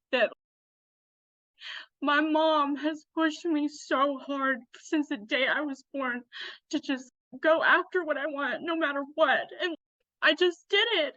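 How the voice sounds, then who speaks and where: A woman guest telling her story in casual conversation, animated and blunt, laughing often. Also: high voice, no echo. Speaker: guest, Western fashion influencer. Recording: dull lo-fi dry sound.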